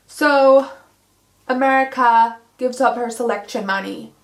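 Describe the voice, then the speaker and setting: Young woman, book vlogger, sarcastic, casual recap, fairly high voice, roomy echo. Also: unhurried. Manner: sarcastic and snarky.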